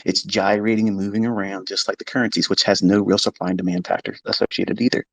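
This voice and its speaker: A man's voice: fairly low pitch, flat delivery, quick pace, vocal fry. Man, blunt, emphatic, profane, casual monologue, live audio stream. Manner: blunt, emphatic, swears, mimics skeptics in quoted asides. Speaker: trading educator hosting a live audio space.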